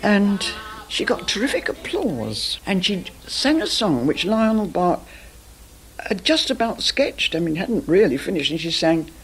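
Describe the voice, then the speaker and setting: A man's voice: high voice, very animated, measured pace, fairly bright tone, slightly rough, poor audio. An older Englishman recalling theatre days in an interview, blunt and emphatic. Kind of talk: reminiscing interview. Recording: old VHS broadcast tape.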